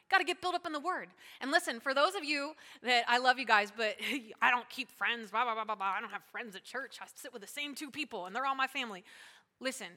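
A woman pastor preaches to her church in a chatty, lively way, full of asides and quick laughs. Her voice is bright, forceful and a little high. The sound rings with the long reverb of a large hall. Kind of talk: sermon. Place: church sanctuary.

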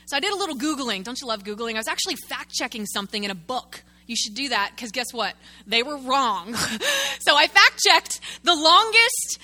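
A woman pastor preaching a sermon in an animated way, calling out to the congregation and working with a prop. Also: high voice, fairly quick.

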